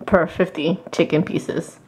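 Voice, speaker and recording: The voice is low-leaning, steady, a little slow and a touch mellow, heard with reverberation. It belongs to a woman vlogging over dinner at home, who keeps the family chat casual, playful and teasing, laughing a lot.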